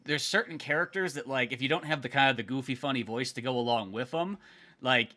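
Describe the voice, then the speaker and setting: A man hosting a podcast, musing out loud in a casual way, leaning heavily on "like" and "kinda". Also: mid-range voice. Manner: quick, musing, heavy use of "like" and "kinda". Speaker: podcast host and comic artist.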